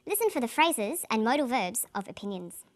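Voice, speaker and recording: A woman with a slightly high voice presents an English lesson, speaking clearly and at an even, careful pace. Her delivery is scripted and measured.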